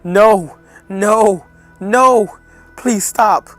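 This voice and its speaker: A man voicing a captive adult man who shouts angry threats and pleads. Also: sits high, drawn-out words, no room sound, soft background music, pitched above the performer's own voice. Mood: pleading.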